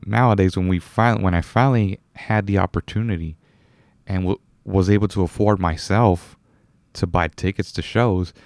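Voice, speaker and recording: A man's voice: on the low side, creaky, darkish tone, no echo, clean studio sound. A young man hosting a solo podcast, rambling casually, correcting himself and chuckling now and then. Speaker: podcast host.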